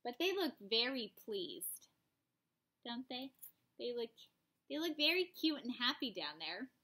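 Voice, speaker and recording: Slow, bright-voiced teacher reading storybook. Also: female voice, fairly high pitch, very animated. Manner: unhurried, musing asides to young listeners. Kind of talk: children's storybook read-aloud.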